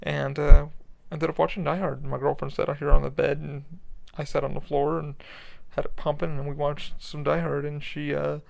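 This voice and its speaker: A young man podcasting solo from his bedroom, with a gravelly voice that sits a touch high. He rambles loosely, swears freely and laughs at his own asides. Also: little pitch movement, normal speed. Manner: rambling, profane, laughs often. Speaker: podcast host. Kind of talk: casual solo chat. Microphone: laptop recording.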